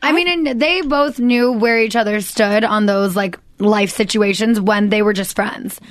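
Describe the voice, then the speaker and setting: A woman's voice: mid-range voice, measured pace, no echo. A woman guest chatting casually, confident and gossipy as she tells stories. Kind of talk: casual chat.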